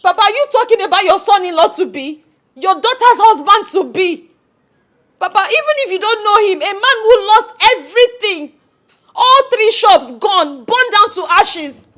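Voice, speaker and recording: High-voiced young Nigerian woman, emotional and insistent. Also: big pitch swings, normal speed, a bit bright, exaggerated voice. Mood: indignant. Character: distraught young woman, grieving fiancé's loss. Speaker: daughter.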